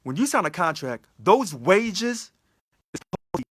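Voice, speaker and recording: A man's voice: high-pitched, big pitch swings, normal speed, a bit bright, husky, dry recording. A man giving an impassioned livestream address as a union election candidate, emphatic, full of repeated rhetorical questions. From California.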